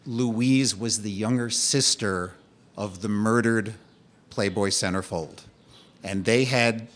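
A man telling a personal story as a monologue, with a wry, animated delivery that drops low and quiet for the darker parts.

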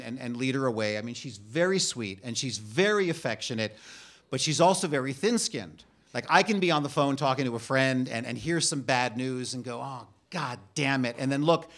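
A middle-aged man telling a funny personal story on stage, halting and self-deprecating with frequent restarts. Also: on the high side, fairly bright tone.

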